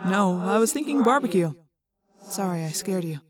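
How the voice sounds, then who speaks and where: A woman voicing a wry teenage boy trapped in a hawk's body, with dry, low-key joking, in a storybook reading. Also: lively intonation, normal speed, distant mic, a crowd in the background, natural voice. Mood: wry, tense.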